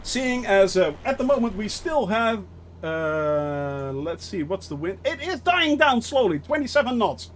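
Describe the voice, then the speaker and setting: A man with a notably high voice commentates his flight-simulator stream, talking to viewers in loose, filler-heavy sentences. He often restarts his phrases. Faint noise sits under the recording. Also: very animated, a little slow. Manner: chatty, lots of fillers, reads chat aloud; nervous about landing. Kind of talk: live gameplay commentary.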